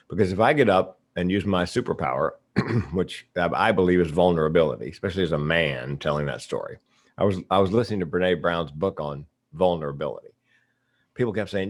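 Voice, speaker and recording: Deep-voiced middle-aged man telling stories. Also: fairly quick. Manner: lively raconteur, punchy comic timing. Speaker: podcast guest, comedian and speaker. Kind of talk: casual storytelling in an interview.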